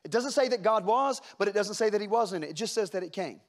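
Male preacher, high voice, dramatic sermon delivery that drops to a hush and climbs to urgent peaks. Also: lively intonation, a little fast, hardly any pauses. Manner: dramatic preaching, swinging from hushed lows to loud urgent peaks; retells scripture scenes with voiced characters.

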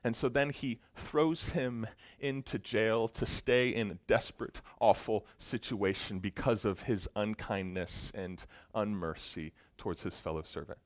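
A man's voice: measured pace, no echo. Male pastor preaching with big dynamic swings. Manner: storytelling, swings from low and quiet to loud and emphatic; conversational, playful asides. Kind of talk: sermon.

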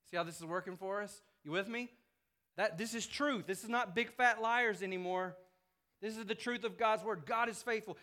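High, bright-voiced pastor preaching. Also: male voice. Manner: emphatic, repetitive preaching with calls to the congregation. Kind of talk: sermon.

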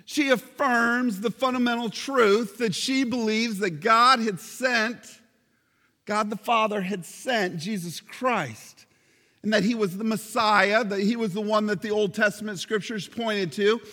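Male pastor, high voice, emphatic sermon delivery, long hall reverb. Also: bright, forceful tone. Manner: emphatic, with slow stressed phrases.

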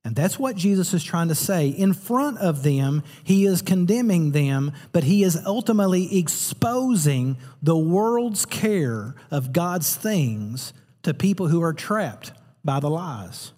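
A man's voice: on the high side, lively intonation, a little slow, warm tone, big-room sound. A man preaching a sermon as pastor, teaching earnestly and repeating words for emphasis.

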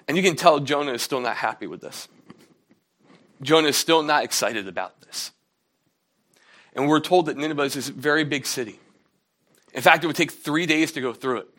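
A young male pastor gives a relaxed, conversational sermon with a slightly higher voice. He slips into the characters' voices as he retells the story. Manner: casual storytelling sermon, acts out characters' lines.

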